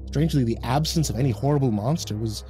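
A man reading a horror story aloud in a calm, measured storytelling voice. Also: medium pitch, faint music behind. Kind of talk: scripted horror narration.

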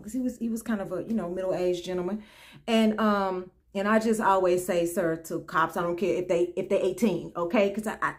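Bright, animated woman storyteller. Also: a little high. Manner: expressive, drops to a hush for quotes, peppered with "y'all" and "honey". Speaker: vlogger telling a personal story.

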